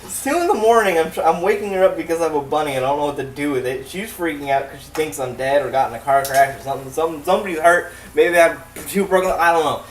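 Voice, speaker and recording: A man's voice: fairly high pitch, fast, few pauses, a little hiss or hum. A young man telling a long, profane story in a loose, rambling way, with frequent laughs and asides, as casual commentary over a game. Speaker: let's play commentator. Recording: echoey room, mic at a distance.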